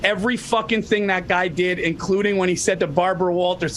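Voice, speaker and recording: A man's voice: high-pitched, fairly even intonation, brisk, fairly bright tone, a little hiss or hum. A man on a video call telling stories in a profane, enthusiastic casual chat. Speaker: podcast co-host.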